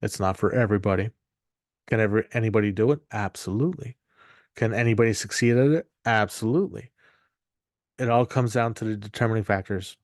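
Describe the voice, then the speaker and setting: A man teaching an online marketing course, talking off the cuff, rambling and repeating himself and acting out quick asides. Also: lowish voice, no room sound, studio quality. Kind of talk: unscripted course talk.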